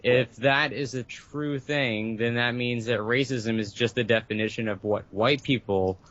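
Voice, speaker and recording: A man's voice: medium pitch, steady tone, a little slow, fairly bright tone. A man co-hosting a casual podcast, arguing his point with pointed questions. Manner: argumentative, questioning. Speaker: podcast co-host. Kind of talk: casual chat. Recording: dull lo-fi podcast audio.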